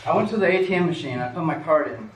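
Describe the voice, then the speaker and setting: Stand-up comic, man, high bouncy voice, taped from far off in an echoey, noisy little theatre. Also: racing. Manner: animated, jumps into high squeaky voices for quoted people. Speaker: amateur stand-up comedian. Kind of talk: stand-up comedy routine. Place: small theatre stage.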